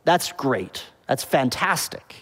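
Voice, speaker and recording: Preacher in a reverberant hall. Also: male voice, medium pitch, very animated, slow, fairly bright tone. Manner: explains word meanings, asks the congregation "okay?" and "does that make sense?". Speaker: pastor. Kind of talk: sermon.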